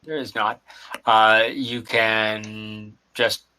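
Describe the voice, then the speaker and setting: A man running a tabletop game as game master, talking in a halting way with many fillers. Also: on the low side, level tone, sharp tone. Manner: slow, halting, lots of uh fillers.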